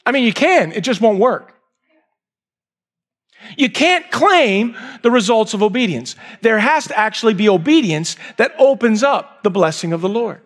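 High-voiced male pastor preaching. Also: lively intonation, normal speed. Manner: emphatic, repeats key lines, swings from raised to hushed. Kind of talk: sermon.

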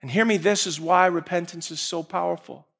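A male preacher telling a parable in a sermon, swinging from quiet, hushed storytelling to loud, emotional shouting. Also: sits high, fairly quick, gravelly, breathy edge.

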